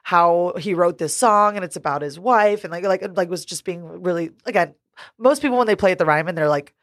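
Laughing, animated woman podcast co-host. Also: fairly low pitch, fairly quick, no room sound, clean studio sound. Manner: animated storyteller, swears freely, laughs often. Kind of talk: casual chat.

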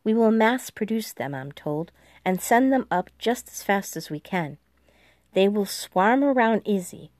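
A woman's voice: mid-range voice, lively intonation, measured pace, darkish tone, dry recording, studio quality, natural voice. A woman voicing a composed female US president who speaks with careful, precise enunciation in an audiobook. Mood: formal, briefing. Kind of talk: audiobook dialogue.

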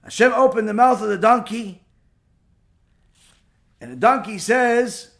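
Male rabbi, high-pitched, emphatic sermon delivery rhetorical questions. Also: measured pace, vocal fry, fairly bright tone. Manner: emphatic, rhetorical questions, mixes Hebrew terms. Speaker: rabbi giving a Torah class.

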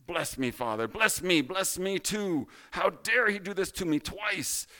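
A man's voice: high voice, animated, a little slow, sharp tone, pitched above the performer's own voice, heavily acted. A man reading out the lines of an anguished grown son, raising his voice to plead with his father.

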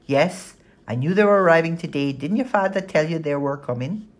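A woman's voice: low voice, expressive, fairly quick. A woman doing a bossy old woman cook. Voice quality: bossy, clipped, homely dialect. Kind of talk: audiobook character voice.

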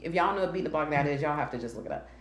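A woman co-hosts a podcast in loose, profane chat, telling stories and acting out what people said. Her pitch swings widely. The room sounds echoey, with a faint hiss underneath. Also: very fast. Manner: animated storytelling, swears freely, acts out quotes. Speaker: podcast co-host. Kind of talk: casual chat.

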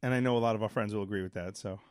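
A man's voice: lowish voice, rapid-fire, smooth, dry recording, studio quality. A middle-aged man co-hosting a casual podcast chat, telling stories with lots of restarts and acting out the lines he quotes. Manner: animated storyteller, acts out movie lines, rambling restarts. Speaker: podcast co-host.

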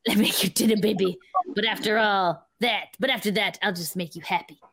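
A woman's voice: mid-range voice, steady tone, fairly quick, a bit bright, breathy edge. A woman doing a flirty laid-back male pop singer.

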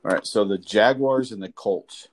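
Casual low-voiced sports podcast guy. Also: normal speed, rough recording. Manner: animated, says "like" often. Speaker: podcast co-host. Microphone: remote call.

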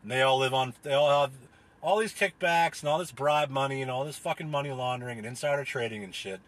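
A podcast host delivers an angry, profane ranting monologue, swearing heavily and hammering his points through blunt, emphatic repetition. His medium-pitched voice is fairly bright and quick.

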